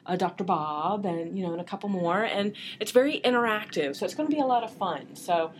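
A woman co-hosting a podcast in casual banter, upbeat and quick to laugh. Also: mid-range voice, animated, a little hiss or hum. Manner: upbeat, laughs often, chimes in. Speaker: podcast co-host.

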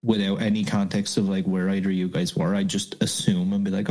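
A man with a fairly low voice talks casually on a podcast. He rambles and restarts his sentences, and he throws in crude jokes. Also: flat delivery, fairly quick, a little mellow, low-quality recording. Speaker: podcast co-host. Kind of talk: casual chat.

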